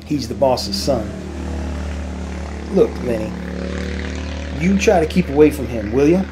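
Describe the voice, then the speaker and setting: A man's voice: mid-range voice, expressive, a little slow, background noise, natural voice. A man reading as a worried, protective ranch hand. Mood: urgent.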